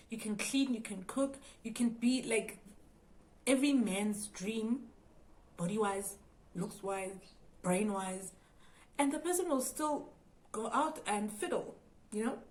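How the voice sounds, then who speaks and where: Addressing her audience directly, a young South African woman with a matching accent shares a storytime vlog about being cheated on, voicing her own thoughts aloud. She's a YouTuber with a fairly high, somewhat bright voice, and the audio is poor.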